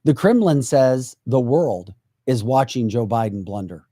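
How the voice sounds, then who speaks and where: A man co-hosting a political podcast, talking in a sarcastic, animated way. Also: mid-range voice, a little slow, no echo, studio quality. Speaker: podcast co-host. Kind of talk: casual political chat.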